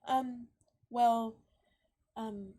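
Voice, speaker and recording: A woman's voice: on the high side, steady tone, extremely slow, mellow. A woman voicing a grateful mother in a fantasy town, polite and hesitant with fillers.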